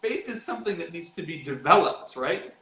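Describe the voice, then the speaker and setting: A man giving a casual devotional talk as a youth pastor, animated and often acting out quoted lines. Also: a little fast. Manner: animated, acts out quoted lines with rising pitch. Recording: roomy echo with faint ambience.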